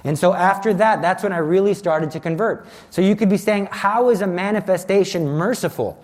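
A man's voice: high voice, fairly quick. A man giving a personal faith testimony as a Catholic speaker, telling his story in an earnest, dramatic way.

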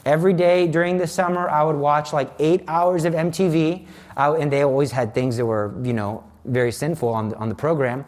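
A man's voice: fairly high pitch, darkish tone. A man giving a personal faith testimony as a Catholic speaker, telling his story in an earnest, dramatic way.

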